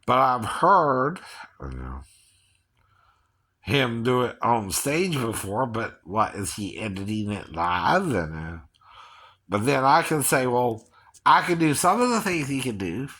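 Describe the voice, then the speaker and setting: Chuckling man from Georgia, slow and bright. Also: mid-range voice, very animated. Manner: chuckles often, keeps adding "right, right". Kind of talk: rambling casual monologue.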